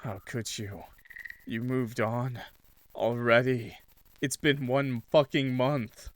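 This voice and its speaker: Man doing a resentful young male ghost, low accusing voice, slow, cold. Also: steady tone, lightly acted.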